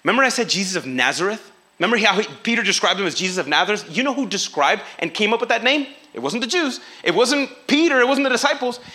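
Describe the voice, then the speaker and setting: Bright-voiced animated male preacher. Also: high voice. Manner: animated, acts out quoted voices, casual slang. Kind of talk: sermon.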